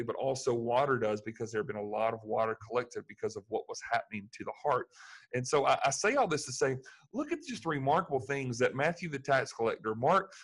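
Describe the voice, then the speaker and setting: A man's voice: mid-range voice, fairly bright tone. A man preaching a sermon in an earnest manner, building to fervent emphasis. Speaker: pastor.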